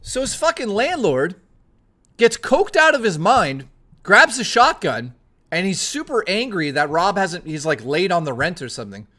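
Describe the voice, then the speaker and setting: A man with a slightly raised pitch chats on a live stream. His storytelling rambles and is peppered with profanity. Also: very animated, moderate pace, sharp tone. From Toronto, Canada.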